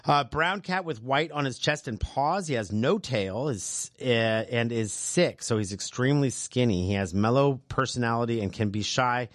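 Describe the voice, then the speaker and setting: A man's voice: medium pitch, moderate pace, few pauses, no room sound, studio quality. A man hosting a local radio show, chatting casually and making jokes while he reads out community announcements. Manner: loose, joking, self-deprecating. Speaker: radio host. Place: radio studio. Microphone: studio microphone.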